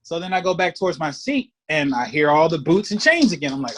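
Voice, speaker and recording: A man guesting on a podcast tells a story in loose, profane, casual talk. He acts out the other people in the story with quick voices. His voice sits a little on the high side for a man. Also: very animated, fairly bright tone.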